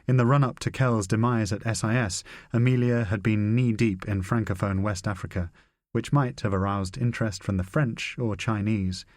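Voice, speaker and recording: A man narrating a spy novel audiobook in a measured, even reading. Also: lowish voice, dry recording, clean studio sound. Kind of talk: scripted narration.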